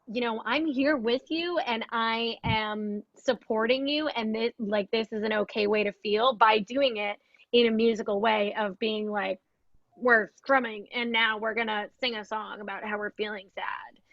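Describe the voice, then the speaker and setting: A woman's voice: a little high, fairly even intonation, normal speed, no echo. A young adult woman, a guest music therapist, explaining her methods in a casual interview, full of "like" and "um". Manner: explanatory, fillers like "like" and "um". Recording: dry, dull lo-fi sound.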